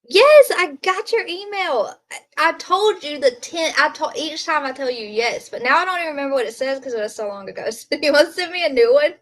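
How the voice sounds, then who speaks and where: A woman's voice: high voice, lively intonation, a little fast, fairly bright tone. A woman hosting a casual livestream from home at night, chatting and giggling with her viewers and talking to her pet. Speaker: livestream host. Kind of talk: casual live chat with viewers.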